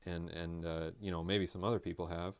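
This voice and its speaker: A man's voice: deep voice, level tone, fairly quick. A man chatting casually and rambling with jokes while painting live on a stream. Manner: rambling, joking, self-interrupting.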